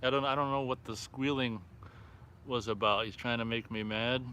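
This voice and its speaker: Bright-voiced man reading chat aloud. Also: medium pitch, steady tone, moderate pace, slight background noise. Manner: reads viewer comments aloud, then reacts offhandedly. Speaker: livestream host reading chat. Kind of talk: casual live-stream chat. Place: outdoors by a fire at night.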